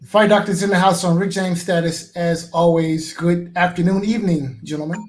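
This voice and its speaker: A male pundit on a live boxing talk show. He speaks in a measured way and builds his case step by step, stressing the points he wants his listeners to take in. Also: high-pitched, steady tone.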